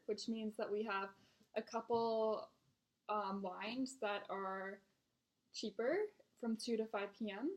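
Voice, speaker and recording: A young woman who works as a server vents about her customers in a casual storytime. Her voice sits at a mid pitch, and she talks bluntly, exasperated, with plenty of swearing. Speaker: restaurant server vlogger.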